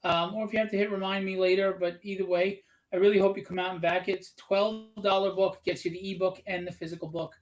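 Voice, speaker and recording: A man with a notably high speaking voice hosts a live drawing stream in easy, chatty fashion. He banters and cracks jokes, drifting off on tangents before circling back to plug his project. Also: little pitch movement, fast talker, hardly any pauses. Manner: chatty, joking, promotes his book between tangents. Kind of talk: casual live-stream chat.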